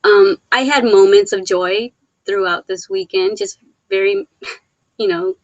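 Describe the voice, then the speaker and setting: A woman's voice: mid-range voice, animated, takes it slowly, a little mellow, no room sound. A middle-aged woman chats into her laptop on a live stream, giggling between sentences while fighting back tears. The sound is dull and muffled, with a dry, close feel. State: teary, on the verge of crying. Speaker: live Q&A host. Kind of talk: casual live-stream chat reading viewer comments. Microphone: laptop microphone.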